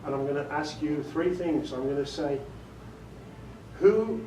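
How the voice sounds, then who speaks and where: A man's voice: a little high, lively intonation, a little slow. A British man giving an informal workshop talk as an audiobook director, chatty and joking with the small audience he quizzes. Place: meeting room with a small audience. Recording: echoey room, voice far from the mic, faint noise.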